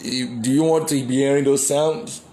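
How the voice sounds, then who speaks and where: A man's voice: mid-range voice, fairly even intonation, normal speed, mellow, echoey room, slight background noise. A Nigerian man with a mocking manner, trolling a scam caller on a speakerphone. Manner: mocking, laughs while cursing the caller. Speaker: call recipient sharing a scam call.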